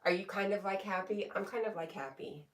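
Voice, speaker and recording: A woman casually chatting on a live stream, reading viewers' comments aloud in a relaxed way and laughing often. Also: mid-range voice, brisk, recorded from a distance. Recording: echoey room, voice a bit off mic.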